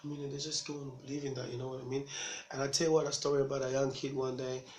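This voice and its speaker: A man from Africa doing stand-up, telling a story in an animated, chatty way and laughing at his own jokes. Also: mid-range voice, quick pace, a little hiss or hum. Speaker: stand-up comedian. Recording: roomy echo with faint ambience.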